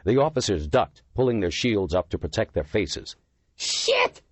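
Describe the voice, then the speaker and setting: A man's voice: fairly low pitch, animated, normal speed, darkish tone, breathy edge, dry recording. A man reading an audiobook as its narrator, telling the story dramatically.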